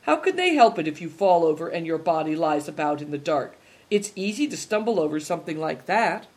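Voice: mid-range voice, sing-song, a little fast, darkish tone, natural voice. A reader doing an easygoing, good-humoured man. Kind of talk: audiobook character reading.

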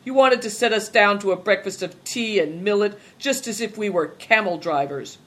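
A reader voicing a gruff, insolent grown man who mocks and boasts loudly in an audiobook. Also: medium pitch, lively intonation, normal speed, close to an everyday voice. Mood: loud, mocking. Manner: loud, mocking, laughing. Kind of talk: audiobook character reading.

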